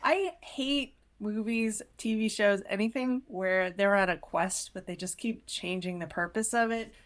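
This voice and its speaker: A young woman co-hosting a casual podcast, walking through a movie's plot with dry sarcasm and exasperation. Her voice sits at an ordinary middle pitch. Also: unhurried. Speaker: podcast co-host.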